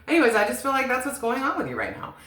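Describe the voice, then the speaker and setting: A woman's voice: on the high side, wildly swooping pitch, very fast, fairly bright tone. A woman giving a casual tarot reading, chatty and emotional, swearing and laughing often. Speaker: tarot reader. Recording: echoey room with faint noise.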